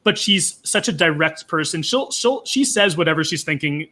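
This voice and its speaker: A man guesting on a talk show, laying out his reasoning step by step. His voice is high and bright, with a forceful edge. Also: lively intonation, normal speed. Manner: explains points methodically with small restarts. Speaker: guest, reality TV commentator. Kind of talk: casual analysis.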